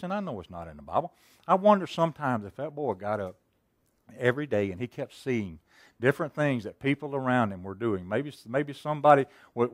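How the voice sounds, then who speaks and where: A man preaching in a folksy, storytelling way, full of rhetorical questions. His voice sits at an ordinary middle pitch and rises loud, then drops to near a murmur. The sound is dry and close. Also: dry recording. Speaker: pastor. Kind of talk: sermon.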